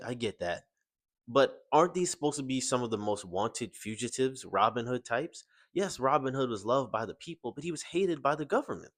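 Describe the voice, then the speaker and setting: A man's voice: mid-range voice, fairly bright tone. A young man giving a casual film review, exasperated and rhetorical, his voice climbing when incredulous.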